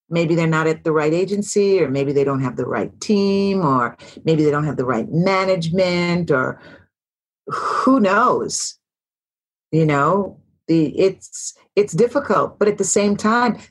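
Reflective woman in her sixties. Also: lowish voice. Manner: reflective, storytelling, repeats phrases for emphasis. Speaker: guest actress. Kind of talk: casual interview talk.

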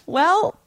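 A woman's voice: extremely high pitch, heavy background noise. A young woman co-hosting a casual podcast, upbeat, laughing often as she runs a game. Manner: upbeat, reads remarks aloud, laughs often. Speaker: podcast co-host, game presenter. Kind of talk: casual chat.

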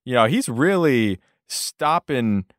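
A man's voice: mid-range voice, sing-song, takes it slowly, no room sound, studio quality. A man playing a tabletop role-playing game, talking in a sheepish, hedging way. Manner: sheepish, hedging, breaks into laughs. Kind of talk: in-character role-play banter.

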